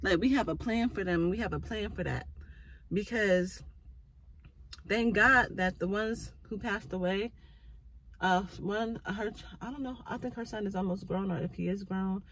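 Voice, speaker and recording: A woman's voice: medium pitch, moderate pace, a bit bright, a little hiss or hum, poor audio. A mother talking earnestly about faith and family, with a preachy, heartfelt way of speaking. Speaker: mother sharing faith thoughts. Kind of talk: casual spoken reflection.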